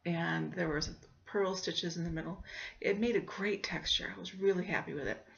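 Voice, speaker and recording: A woman's voice: lowish voice, fairly even intonation, normal speed, vocal fry, fairly bright tone. Chatty woman podcast host, lo-fi. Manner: chatty, laughs often, acts out voices in her stories. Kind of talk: casual storytelling monologue.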